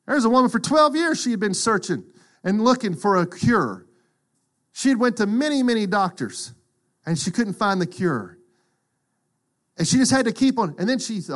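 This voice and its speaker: A middle-aged man preaching a sermon, acting out quotes and swinging from loud to hushed. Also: high-pitched. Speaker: pastor.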